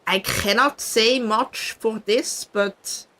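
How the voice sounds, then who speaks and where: A woman's voice: fairly high pitch, slow pace, sharp tone. A young woman with a light Swiss English accent chatting casually with her viewers during a game stream, playful and teasing. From Switzerland. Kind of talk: casual gaming stream chat. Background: faint background music.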